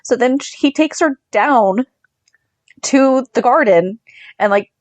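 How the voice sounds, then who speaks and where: A woman in her thirties, a podcast co-host chatting about a soap opera, telling the story fast and acting out the lines. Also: high-pitched, lively intonation, darkish tone, no room sound. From Northeastern US. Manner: chatty storyteller, acting out quotes, laughing often. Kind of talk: casual chat recapping a soap opera.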